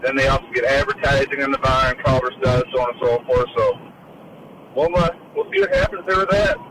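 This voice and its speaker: A man's voice: medium pitch, sing-song, a little fast. A man co-hosting a morning radio show, rambling through stories with lots of fillers. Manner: rambling, filler-heavy storytelling. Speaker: radio co-host. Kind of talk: casual morning radio banter. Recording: loud background noise.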